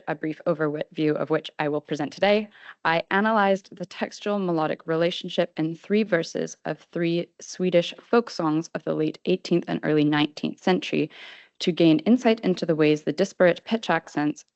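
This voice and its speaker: A young woman with a lowish voice presents a prepared academic paper. The sound is dry and slightly muffled, a lecture recording from a conference hall. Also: a little mellow. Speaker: conference speaker.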